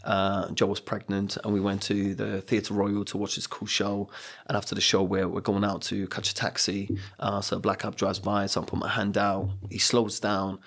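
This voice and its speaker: A man's voice: fairly low pitch, moderate pace. A middle-aged man from Poland, a podcast guest telling his life story and acting out the voices of people in it. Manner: animated storyteller who acts out quoted voices. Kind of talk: storytelling in casual chat.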